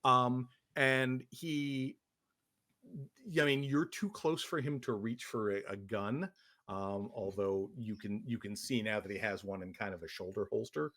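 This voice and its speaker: A man narrating as game master of a tabletop horror game, halting with frequent ums and uhs. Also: fairly low pitch, steady tone, fairly bright tone.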